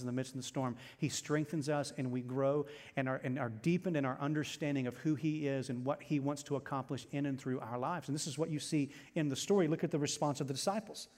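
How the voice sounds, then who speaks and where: A man's voice: a little high, darkish tone. A male pastor delivering a sermon in a church, preaching with passion and repeating phrases for emphasis. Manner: impassioned, repetitive preaching with rising intensity. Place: church sanctuary. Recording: long reverb in a large room.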